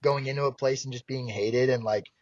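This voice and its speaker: A young man from South Jersey, a baseball pitcher guest, telling stories in a lively, profane way and acting out quoted voices. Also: fairly quick, dry recording. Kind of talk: casual storytelling. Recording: dull dry podcast mic.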